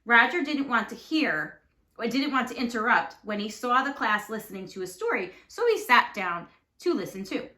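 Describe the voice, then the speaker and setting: Teacher lady reading a story out loud, bright lively voice, echoey room. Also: fairly high pitch, moderate pace. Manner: expressive, animated.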